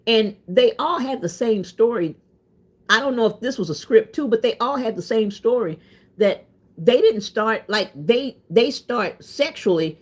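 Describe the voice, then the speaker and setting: A woman's voice: fairly high pitch, a little slow, husky. A woman, chatting casually and animatedly as a vlogger telling personal stories. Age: 30s. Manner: animated, emphatic, swings into quoted voices. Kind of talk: casual storytelling chat.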